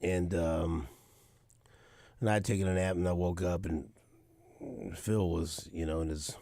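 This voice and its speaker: A man's voice: low-pitched, measured pace, no echo, studio quality. A man hosting a sports radio talk show, telling stories casually and animatedly acting out what players said. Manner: animated storytelling, acts out quotes.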